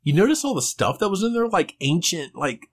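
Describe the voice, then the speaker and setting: A man's voice: high voice, sing-song, fairly quick, breathy edge. A man chatting casually while watching a film, wondering aloud, asking questions and joking. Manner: musing, asks questions, jokes. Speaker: co-host of a movie commentary.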